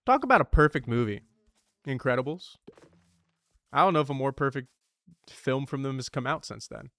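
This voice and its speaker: A man streaming a survival game, chatting casually in an animated, rambling, slangy way. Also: mid-range voice, normal speed, dry recording, clean studio sound. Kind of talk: casual gaming commentary.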